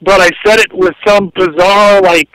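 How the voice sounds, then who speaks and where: A man's voice: high-pitched, fairly even intonation, normal speed, a bit bright, dry recording. A man calling in to a talk show from a phone line, rambling and poking fun at himself. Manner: rambling, self-deprecating. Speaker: regular phone caller. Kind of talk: casual chat over the phone.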